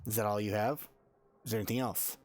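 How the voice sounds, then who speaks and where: A man's voice: fairly low pitch, fairly even intonation, fast talker. A man narrating as dungeon master in a tabletop game, hesitant, with many ums and restarts. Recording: faint music behind.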